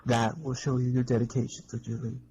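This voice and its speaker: A man's voice: mid-range voice, level tone, brisk, warm tone, lo-fi sound, a little hiss or hum. Mocking man in an old archive clip. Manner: mocking and bossy. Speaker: prank caller. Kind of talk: taunting phone chat.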